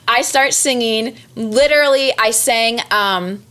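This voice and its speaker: A woman's voice: a little high, slow pace. A young woman in her twenties, a singer and guest, telling a long story in casual chat and acting out the quotes. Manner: animated storyteller, acts out quotes.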